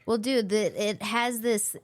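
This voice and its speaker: A woman speaking as a podcast guest, talking in a thoughtful, measured, faith-focused way. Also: medium pitch, fairly even intonation, no echo, clean studio sound. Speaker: podcast guest, host's wife. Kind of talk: reflective podcast conversation.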